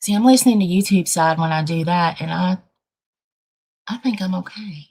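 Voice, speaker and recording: A woman hosting a casual livestream with a dry throat, talking bluntly and thinking out loud as she rambles. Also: lowish voice, normal speed. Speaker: livestream host.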